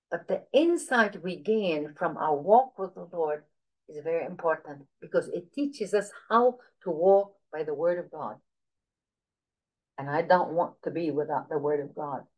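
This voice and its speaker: A woman's voice: deep voice, darkish tone, rough recording. Earnest woman sharing a spiritual testimony. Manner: earnest storytelling, voices quoted people with rising emotion. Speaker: women's Bible study teacher. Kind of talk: testimony sermon.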